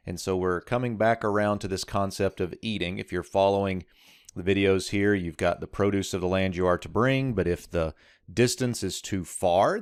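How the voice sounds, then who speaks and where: A man's voice: sits low, no echo, studio quality. A man teaching a short language lesson, explaining a verse step by step as he points out details on screen. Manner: explanatory, walking through text on screen. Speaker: Hebrew teacher.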